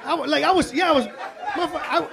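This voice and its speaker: A man doing live stand-up comedy in a club, telling stories in a profane, excitable way. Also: extremely high pitch, fast talker, vocal fry. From Chicago. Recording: live club with audience laughter. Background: crowd laughter and room noise.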